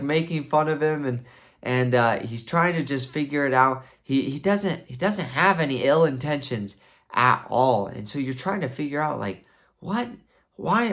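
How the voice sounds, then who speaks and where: A man casually and enthusiastically retelling a book for a review, rambling with many restarts. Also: a little high.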